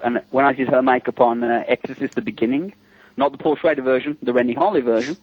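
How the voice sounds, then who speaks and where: A man, a makeup artist telling stories in a lively, chatty way during a radio interview. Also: mid-range voice, fast, breathy edge, no echo. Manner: animated, chatty, frequent fillers, acts out others' voices. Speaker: special effects makeup artist, interview guest. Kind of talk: anecdotal storytelling in a radio interview. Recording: dull lo-fi dry radio recording.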